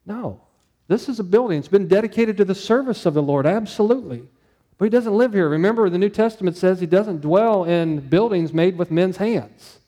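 A male pastor preaching a conversational sermon, animated and acting out his own inner dialogue. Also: high-pitched, in a large hall.

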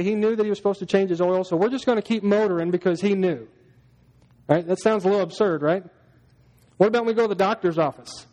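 A man's voice: high-pitched, a little fast, pauses often, a little mellow. A man preaching a sermon as pastor, talking to the congregation in a chatty way and acting out everyday scenes in little voices. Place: church hall. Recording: long hall reverb.

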